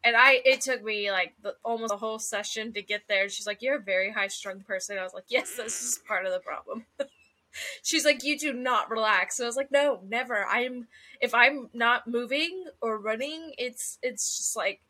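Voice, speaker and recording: A young woman co-hosting a casual podcast chat, animated and teasing, laughing often. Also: fairly high pitch, normal speed. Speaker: podcast co-host.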